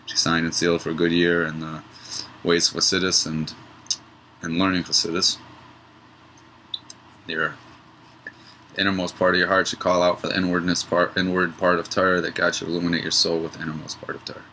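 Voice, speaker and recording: A man teaches a Torah study lesson in a relaxed, digressive way. His voice sits slightly low but has a bright, forceful edge. A faint hiss of background noise runs under his talk. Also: a little fast, pauses often, poor audio. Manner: relaxed, digressive, tells a joke mid-lesson.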